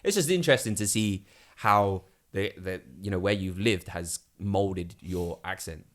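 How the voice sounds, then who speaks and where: Deep-voiced man musing on a podcast. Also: unhurried. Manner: musing, hesitant, restarts often. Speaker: podcast guest. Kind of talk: casual podcast chat.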